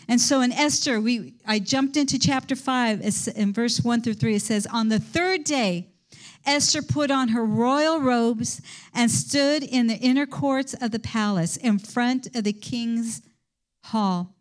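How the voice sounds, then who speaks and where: A woman's voice: on the high side, a little slow. A woman teaching a Bible lesson in an enthusiastic, rambling preaching manner. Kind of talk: sermon.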